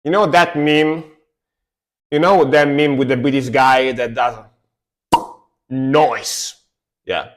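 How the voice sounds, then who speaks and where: A man's voice: mid-range voice, fairly even intonation, a little slow. A man streaming live, reacting to metal music in casual commentary and humming along to riffs. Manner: chatty, scats along to the music.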